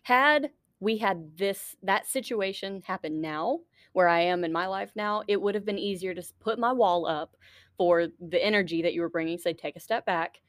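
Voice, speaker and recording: Woman podcast guest, mid-pitched, emphatic and agreeable, dry recording. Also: moderate pace, no echo. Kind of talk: casual chat.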